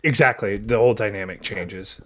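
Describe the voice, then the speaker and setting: A man's voice: fairly low pitch, a little fast, fairly bright tone. A man as a podcast guest in casual chat, laid-back, drawing out his phrases and restarting them often.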